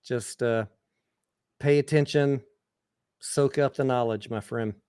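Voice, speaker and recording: A man hosts a casual live stream and reads chat aloud between jokes. His manner is laid-back and friendly, at a middle pitch. The sound is close and dry. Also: fairly even intonation, slow pace, a little mellow, clean tone, no room sound.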